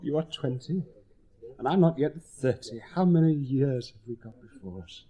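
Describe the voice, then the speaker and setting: A man's voice: mid-range voice, normal speed, dark tone, breathy edge, lightly acted. An actor playing an ardent, lovestruck young baron in his late twenties who speaks tenderly, in a 1960s recorded stage drama. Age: 20s.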